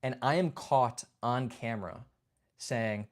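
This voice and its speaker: A man's voice: medium pitch, takes it slowly. A man co-hosting a homestead livestream, talking casually with frequent fillers and restarts. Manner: relaxed, hesitant, many fillers and restarts. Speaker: homestead channel co-host.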